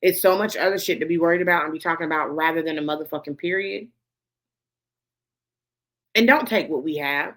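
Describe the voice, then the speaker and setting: A woman's voice: low voice, brisk, pauses often. Blunt, profane woman ranting to camera. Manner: blunt and profane, heavy swearing, repeats points for emphasis. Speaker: host of a gossip commentary show.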